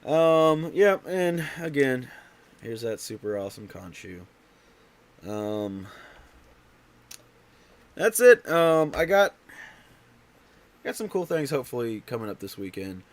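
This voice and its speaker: A man chats loosely to his livestream audience from home. His voice is stuffy and short of breath, and he rambles through fillers and restarts at an ordinary, middling pitch. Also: very animated, slow, long pauses. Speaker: livestream host. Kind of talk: casual livestream chat.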